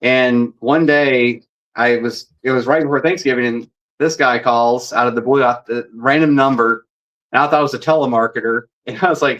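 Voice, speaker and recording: A man being interviewed as a paranormal investigator, telling stories in a rambling, animated way and acting out the dialogue. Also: medium pitch, fairly quick, poor audio. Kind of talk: casual storytelling.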